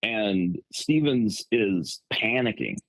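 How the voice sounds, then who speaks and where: Husky, animated male storyteller. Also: lowish voice, slow, dry recording, rough recording. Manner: animated, rambling storyteller with many fillers. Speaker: podcast co-host. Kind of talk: casual chat, storytelling.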